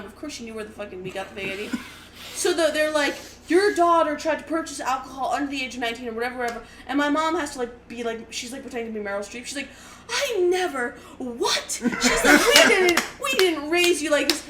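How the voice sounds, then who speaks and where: A young woman comedian telling a story casually, rambling and laughing with lots of fillers and swearing. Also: sits high. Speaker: comedian guest. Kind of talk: casual storytelling on a live show. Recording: echoey room with noise.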